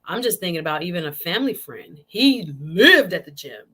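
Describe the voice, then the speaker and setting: A woman's voice: lowish voice, sing-song, moderate pace, sharp tone, slightly rough. A woman hosting her own live-stream talk show, chatting casually and animatedly with viewers and often repeating phrases. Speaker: show host.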